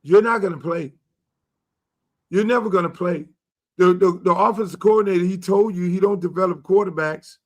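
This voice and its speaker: A middle-aged man hosting a sports talk show, animated and profane, acting out quoted dialogue as he rants. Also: sits high, normal speed. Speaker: show host.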